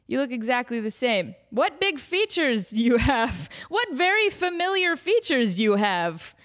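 A woman's voice: high voice, sing-song, measured pace, a bit bright, full character voice. A woman voicing a wide-eyed young girl from a fairy tale who keeps questioning with incredulity. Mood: incredulous.

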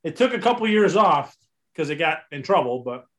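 A man on a casual podcast, trading laid-back jokes with his friend the host. His voice is high for a man and sharply bright. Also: very animated, fairly quick. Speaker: podcast guest.

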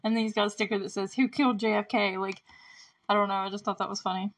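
A young woman talks through a movie scene by scene in a loose, casual way. She giggles often and leans on filler words as she goes. Her voice sits at an everyday middle pitch. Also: flat delivery, quick pace, fairly bright tone. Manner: chatty, giggly, many "like" fillers. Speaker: movie review host.

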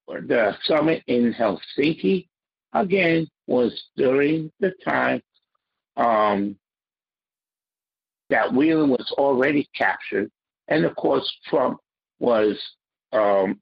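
A man's voice: medium pitch, gravelly, husky, lo-fi sound. A man giving emphatic political commentary as a panelist, stressing and repeating key words.

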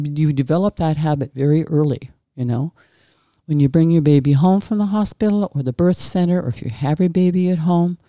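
Gravelly, mellow-voiced woman telling stories. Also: sits low, no echo, studio quality. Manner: meandering, frequent restarts and self-corrections; gentle, folksy and reassuring. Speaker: podcast host and former midwife. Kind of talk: casual podcast monologue with anecdotes.

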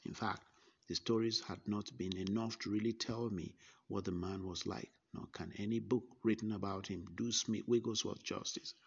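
A man reading a first-person narration in a measured way, with small slips and restarts. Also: fairly low pitch, gravelly, a bit bright, slightly rough, highs cut off. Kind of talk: scripted narration.

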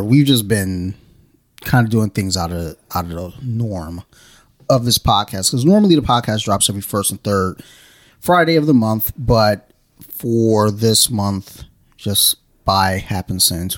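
A male podcast host chats casually, swearing freely and acting out little exchanges. His voice is on the low side and sounds dry and close, with no room around it. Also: dry recording. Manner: loose, profane, animated storytelling.

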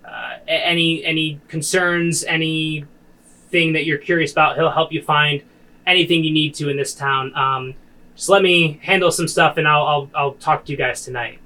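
A man's voice: on the high side, steady tone, normal speed, bright, forceful tone, low-quality recording. A man voicing a weary, thoughtful male leader of a small settlement, in a rambling way.

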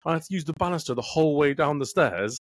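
A man's voice: a little high, animated, fast, no room sound, clean studio sound. A man in his thirties, a podcast co-host telling a rambling, sweary story in casual chat. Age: 30s.

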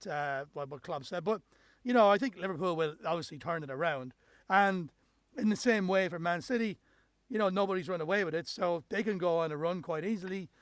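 A man hosting a football podcast talks in a relaxed, casual way, full of fillers. His voice sits high and his sound is dry and close to the mic. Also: no room sound. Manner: relaxed, fillers, wraps up the show. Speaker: podcast host.

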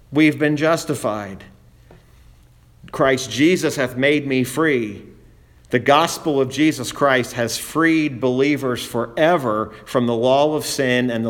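A man preaching an expository sermon, reading scripture aloud and slowing down to stress key phrases. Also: medium pitch. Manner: quotes scripture in old-fashioned wording.

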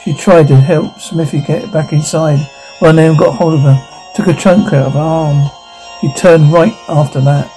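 An actor playing a blunt, hardened male survivor of a monster outbreak, talking in a gruff, terse way in film dialogue. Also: on the high side, fairly even intonation, moderate pace, dark tone, faint music behind, lightly acted, rough recording. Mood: grim.

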